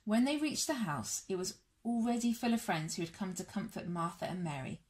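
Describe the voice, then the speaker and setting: A woman reading a Bible story aloud to children and families in a church all-age session, measured and warm. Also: mid-range voice, expressive.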